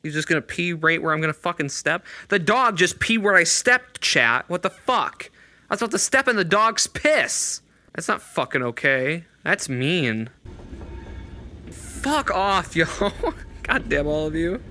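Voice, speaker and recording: A man's voice: a little high, big pitch swings, unhurried, bright, forceful tone. A man streaming a horror game, jumpy and swearing constantly, with nervous laughter. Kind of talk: live horror game commentary.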